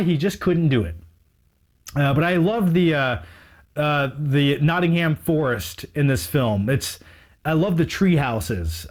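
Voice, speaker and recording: A talkative man with a voice sitting a little above the usual male range, chatting about his shelf in an off-the-cuff, rambling way. He sounds eager and mocks his own slip-ups as he goes. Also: a little high. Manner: rambling, enthusiastic, self-mocking. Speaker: movie collector showing his shelf. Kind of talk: casual unscripted video.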